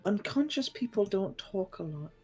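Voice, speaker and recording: British accent, tabletop player, animated intonation, deadpan jokes. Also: mid-range voice, normal speed, music in the background. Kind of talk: casual tabletop game chat.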